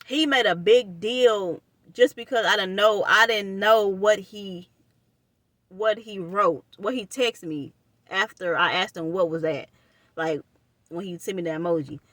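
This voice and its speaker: A young woman, telling a personal story to her viewers in an animated, casual way and calling them y'all. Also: medium pitch, a little slow, no echo.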